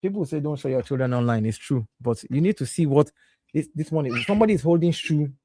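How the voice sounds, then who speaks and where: A man in his thirties hosts a casual live stream from his home office, speaking at medium pitch and a brisk pace over a little hiss or hum. He talks animatedly, breaking off to scold his kids and greet viewers.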